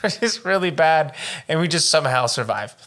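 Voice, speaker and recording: Bright-voiced man reading a true-crime case. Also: on the high side, expressive, a little fast. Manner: profane and joking, wanders off into riffs. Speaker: podcast co-host.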